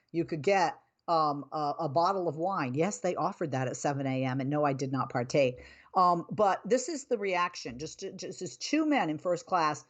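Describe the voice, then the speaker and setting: A woman hosting a talk radio show, telling a story and then scolding listeners in an exasperated, emphatic way. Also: lowish voice. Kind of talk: opinionated talk radio monologue.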